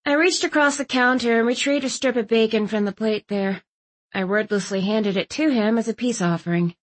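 A woman narrating a first-person audiobook in an even, wry storytelling manner. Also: fairly high pitch, brisk.

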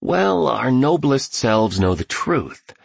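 A man's voice: mid-range voice, sing-song, slow pace, vocal fry, breathy edge, dry recording. A man narrating an audiobook in an earnest, emphatic way.

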